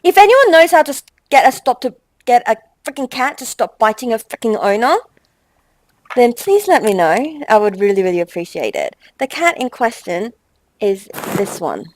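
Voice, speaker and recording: A woman's voice: on the high side, very animated, dry recording, rough recording. Chatty young woman gaming host, dry close sound. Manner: chatty and exasperated, reads game text with quick asides. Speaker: let's play host. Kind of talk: casual gameplay commentary and reading game text aloud.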